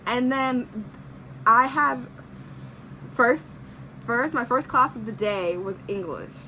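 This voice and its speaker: A woman's voice: fairly high pitch, takes it slowly, pushed and bright, a little hiss or hum, rough recording. A young woman vlogger chatting through a personal story, full of "like" and acting out what people said. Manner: chatty, heavy use of "like", acts out quotes. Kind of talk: casual storytime.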